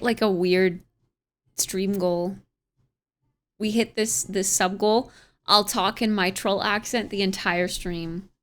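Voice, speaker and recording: A woman's voice: mid-range voice, a bit bright. A young American woman streamer chatting casually at home, reading viewers' messages aloud and musing on them with frequent laughs. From United States. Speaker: livestreamer.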